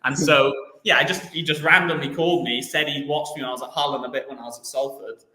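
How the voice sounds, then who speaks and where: A man's voice: a little high, fairly even intonation, quick pace, bright, forceful tone, roomy sound, poor audio. A young man, a footballer guest, telling stories in a casual chatty interview, rambling with lots of restarts and fillers.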